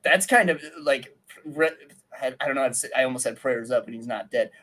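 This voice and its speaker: A young man co-hosting a sports podcast, breaking down game film in excitable casual chat, with lots of "like" fillers and casual swearing. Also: mid-range voice, fairly quick, a little hiss or hum. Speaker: podcast co-host and film analyst.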